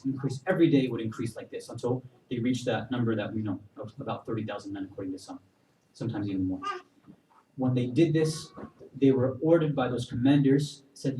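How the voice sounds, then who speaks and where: A man's voice: a little high, a little mellow, a little hiss or hum. A man preaching a mourning sermon, building into impassioned, tearful delivery. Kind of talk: Muharram majlis sermon. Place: mosque hall. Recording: echoey hall from far off.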